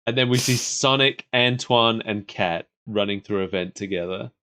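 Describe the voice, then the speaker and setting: Guy co-hosting a podcast, kinda low voice, relaxed rambling chat with lots of laughs. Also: normal speed. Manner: chatty, laughs often, loose with fillers. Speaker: podcast co-host. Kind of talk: casual chat reviewing a cartoon.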